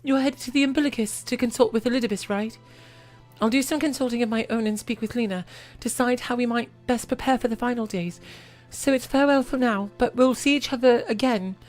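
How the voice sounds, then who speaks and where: An actress voicing a steadfast young woman ally in a video game cutscene, speaking earnestly and gently with quiet resolve. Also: fairly high pitch, fairly even intonation, fairly quick, soft background music, natural voice. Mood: resolute.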